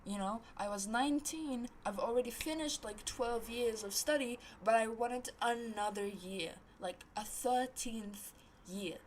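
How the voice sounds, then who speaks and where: Woman, around 20, high-pitched, vlogger spilling gossip, animated and sweary, with faint background noise. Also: a little slow, poor audio. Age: about 20. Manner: animated ranting, heavy swearing. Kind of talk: casual storytime chat.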